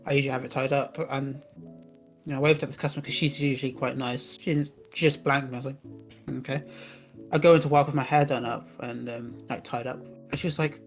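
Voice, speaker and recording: A man's voice: medium pitch, fairly even intonation, quick pace, soft background music. A young man co-hosting a casual podcast, rambling with fillers about his work. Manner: rambling, lots of fillers, quotes people. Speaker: podcast co-host. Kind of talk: casual chat.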